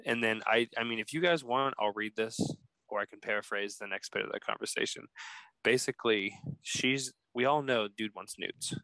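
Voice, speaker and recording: A man's voice: on the low side, moderate pace, dry recording, poor audio. A man hosting a podcast, telling a story casually and acting out the quoted text messages. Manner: animated, acts out quoted texts. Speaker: podcast host.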